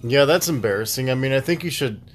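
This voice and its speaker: A man's voice: mid-range voice, lively intonation, fast talker. Laid-back man podcast host. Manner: laid-back rambling, laughs often. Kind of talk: casual chat.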